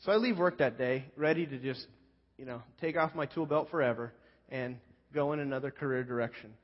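A man's voice: mid-range voice, a little fast. Man preaching in a reverberant hall. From California Central Coast. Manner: conversational, self-deprecating anecdote with many fillers. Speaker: pastor. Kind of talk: sermon storytelling. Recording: muffled sound with long hall reverb.

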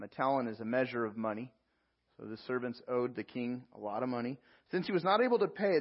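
A man's voice: mid-range voice, husky, muffled recording. A man preaching as a pastor, reading scripture aloud and explaining it verse by verse. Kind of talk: sermon.

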